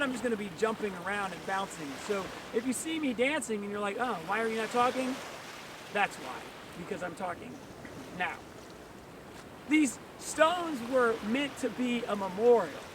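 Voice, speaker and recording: A male pastor giving an energetic outdoor sermon on a beach, full of rhetorical questions. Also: extremely high pitch. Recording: distant mic with clear surf noise.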